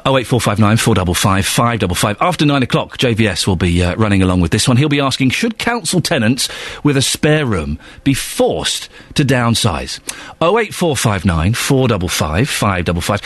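A man presenting a local radio show, chatting between callers and reports in a lively, teasing way. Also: medium pitch, breathy edge, no room sound. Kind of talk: local radio phone-in and news chat.

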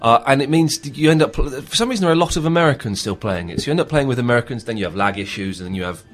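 Lively English man laughing through chat. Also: medium pitch, very fast. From England. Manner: animated, jokey, laughs often while talking. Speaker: podcast co-host. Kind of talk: casual gaming podcast chat.

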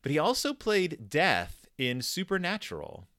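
A man talks in a casual podcast chat, his pitch swinging up and down as he rambles, laughs and restarts his sentences. His voice is bright and forward, recorded dry and close with no room sound. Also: huge pitch swings, unhurried, no echo. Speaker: podcast co-host. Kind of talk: casual chat reviewing a horror episode.

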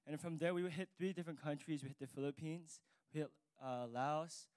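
A man's voice: a little high, a little fast, darkish tone, clean tone, no echo. A jet-lagged young man telling his church about a mission trip, casual, rambling and emotional. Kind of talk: spoken testimony.

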